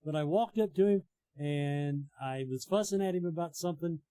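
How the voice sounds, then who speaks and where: A man's voice: a little high, normal speed, mellow, clear, resonant tone, no room sound. A man hosting a casual chat, joking and teasing his guest. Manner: joking, teasing, laughs often. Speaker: host.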